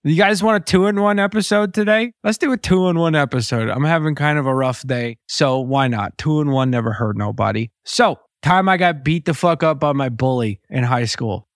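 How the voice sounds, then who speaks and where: A man from Texas hosting a podcast, telling a story in a blunt, profane, animated way. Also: on the high side, moderate pace, hardly any pauses, no room sound, studio quality. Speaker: podcast host. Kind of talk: casual storytelling monologue.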